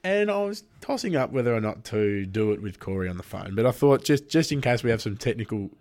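A man's voice: fairly low pitch, expressive, fast talker, a little mellow. A man hosting a casual podcast chat, jokey and upbeat, with plenty of fillers. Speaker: podcast host.

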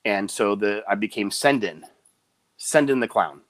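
A man who performs as a clown tells animated stories during a casual interview. To quote people, he shifts into rapid, high-pitched voices. No room sound comes through.

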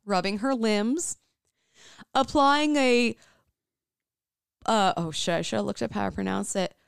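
A young adult woman hosting a podcast, telling a story in casual chat, animated, swearing freely and often breaking into laughter. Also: mid-range voice, unhurried, vocal fry, smooth, dry recording, clean studio sound.

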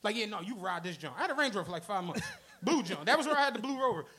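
His voice sits high with a breathy edge and runs very fast as he tells an audience a profane story. The man, a podcast co-host on a comedy club stage for a live show, acts out the people in it with lots of animation.

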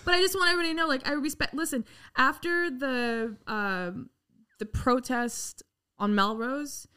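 Brief: woman guest, slightly high pitch, animated rambling storyteller, quick to laugh. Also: clear, resonant tone. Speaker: podcast guest. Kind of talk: casual chat. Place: Los Angeles resident.

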